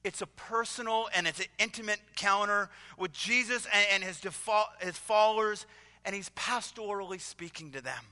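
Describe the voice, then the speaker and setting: Bright-voiced preacher in a reverberant hall. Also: male voice, high voice. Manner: storytelling, with acted voices and dramatic pauses. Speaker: pastor. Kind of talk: sermon.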